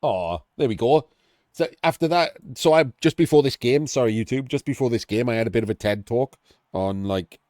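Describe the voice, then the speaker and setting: Sitting low with a darkish tone, this middle-aged man's voice carries a chatty, meandering breakdown of a game. He keeps cutting himself off and restarting, recorded in clean studio sound without echo.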